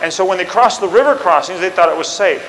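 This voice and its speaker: A male storyteller recounts history with lively energy and acts out the scenes as he goes. His voice sits high, and a long reverb with faint noise surrounds it. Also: quick pace. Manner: animated, acts out scenes and commands.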